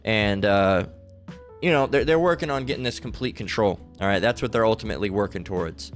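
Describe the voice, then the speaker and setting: A religious commentator speaks in a fairly low, fairly quick voice over faint background music. His casual commentary rambles loosely, and he keeps asking "all right?" between thoughts.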